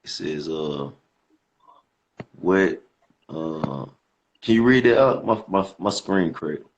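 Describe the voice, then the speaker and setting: A man's voice: low-pitched, lively intonation, slow pace, dull audio, slight background noise. A man teaching scripture in a casual, slangy way, reading verses aloud and repeating words as he explains them. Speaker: preacher.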